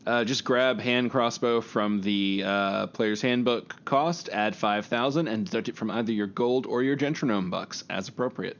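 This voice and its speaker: A man's voice: lowish voice, normal speed, hardly any pauses, highs cut off. A man running a tabletop game as game master, joking and rambling between rules answers. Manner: joking, rambling, laughs often.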